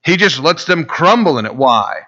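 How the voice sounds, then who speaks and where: Conversational male preacher, bright lo-fi sound. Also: on the high side, big pitch swings, normal speed. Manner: conversational preaching, acts out voices of Bible figures. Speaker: pastor. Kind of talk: sermon.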